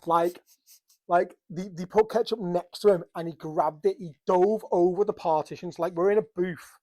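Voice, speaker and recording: A man's voice: high-pitched, normal speed, mellow. A man co-hosting a podcast, telling stories animatedly with swearing and lots of laughter. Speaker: podcast co-host. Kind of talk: casual banter.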